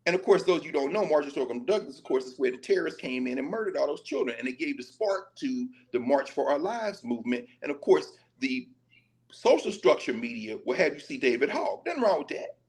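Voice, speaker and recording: A man from Nashville, a professor talking in lively conversational commentary, telling stories with quoted dialogue and casual vernacular. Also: on the high side, fairly quick. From Nashville, Tennessee. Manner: animated storytelling, slipping into quoted dialogue and casual Black vernacular.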